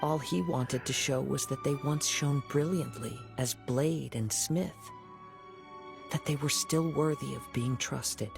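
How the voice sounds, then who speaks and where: An actor voicing a calm wandering young male swordsman in a video game, speaking in a composed, measured, gentle manner. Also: a little high, vocal fry. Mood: reflective. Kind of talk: game voice acting. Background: game music.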